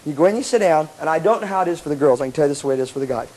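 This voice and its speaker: A man giving a playful, animated motivational talk to student band members, acting out little scenes, recorded live in a hall with a crowd. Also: on the high side, racing. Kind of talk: lively motivational seminar talk. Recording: noisy live tape with audience laughter. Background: audience laughter and chatter.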